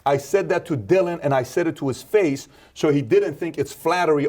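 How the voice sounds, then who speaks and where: A man from Iran, a podcast guest and entrepreneur, telling stories and acting out quoted exchanges with sudden jumps in pitch. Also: fairly quick, hardly any pauses, darkish tone. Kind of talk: animated storytelling interview talk.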